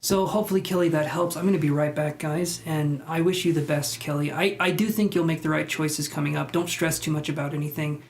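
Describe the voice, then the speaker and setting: A man's voice: fairly high pitch, fairly even intonation, a little fast, few pauses, a little hiss or hum. A man reading tarot on a live stream, chatting casually and rambling as he reacts to viewer comments.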